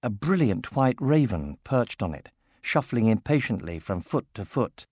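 A low-pitched man reads a fantasy novel aloud at a steady, measured pace, shaping each sentence with care. The sound is close and dry, with no room around it. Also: slightly rough, dry recording. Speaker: narrator. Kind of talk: audiobook fantasy narration.

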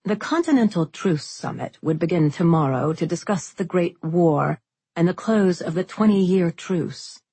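A woman narrating a fantasy novel in a measured, even storytelling manner. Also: on the low side, breathy edge, dry recording. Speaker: audiobook narrator.

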